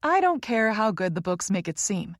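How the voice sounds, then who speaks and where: A woman's voice: mid-range voice, very animated, normal speed, no room sound, clean studio sound. Woman voicing brassy teasing best friend Tess. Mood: playful. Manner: brassy, playful, loud teasing.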